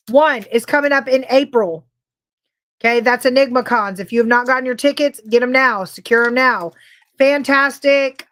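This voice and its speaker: Bubbly high-voiced woman podcast host. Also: a bit bright. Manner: bubbly, rambling, laughs often. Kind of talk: casual livestream chat.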